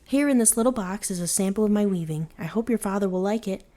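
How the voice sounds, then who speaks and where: A woman voicing a tiny, cheerful female mouse princess in a bedtime storybook reading, speaking eagerly and brightly. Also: medium pitch, quick pace, close to an everyday voice. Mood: gracious. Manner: eager, lively.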